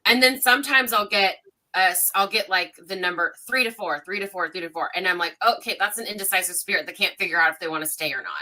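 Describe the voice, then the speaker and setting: A woman's voice: fairly low pitch, fast. A woman psychic medium telling stories casually on a livestream panel, acting out dialogue in a rising voice. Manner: animated, acts out dialogue with rising voice.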